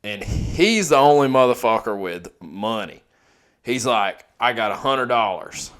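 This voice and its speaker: A young man tells a story easily and without hurry, swearing along the way. His voice sits at a medium pitch, in relaxed podcast banter. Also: a little slow. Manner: laid-back, profane anecdote telling. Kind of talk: casual storytelling chat.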